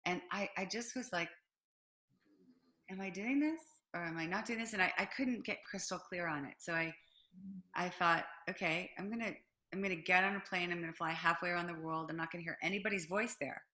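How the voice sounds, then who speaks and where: Her voice runs on the low side and she talks fairly quickly. She's a middle-aged business owner in an interview, animatedly telling a personal story packed with fillers and acted-out quotes.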